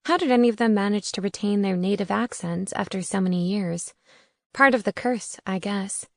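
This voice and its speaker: A woman's voice: mid-range voice, normal speed, no echo, studio quality. Wry woman narrating an audiobook. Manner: wry, conversational. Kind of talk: first-person audiobook narration.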